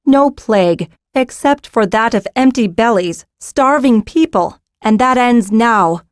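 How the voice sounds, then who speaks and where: A woman's voice: fairly high pitch, animated, measured pace, dry recording, clean studio sound, pitched above the performer's own voice. Stern, commanding young noblewoman in an audiobook, raised and firm, read by a woman. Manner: stern, authoritative. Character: commanding young noblewoman taking charge of a hold.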